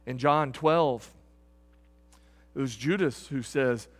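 A man preaching a sermon, swinging from loud bursts to hushed emphasis. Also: mid-range voice, slow pace, faint music behind. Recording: echoey hall with long reverb.

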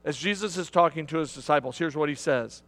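A man's voice: on the high side, fast, a bit bright. A man preaching a sermon to a congregation, emphatic, with repetitions and restarts. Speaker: pastor. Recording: long hall reverb.

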